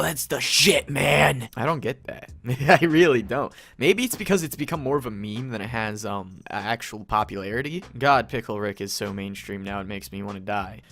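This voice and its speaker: A young man rants in a sarcastic, profane commentary voice at a middling pitch. He slips into exaggerated mocking voices of fans and keeps up a scornful running monologue. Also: a bit bright. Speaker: commentary YouTuber. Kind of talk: ranting commentary.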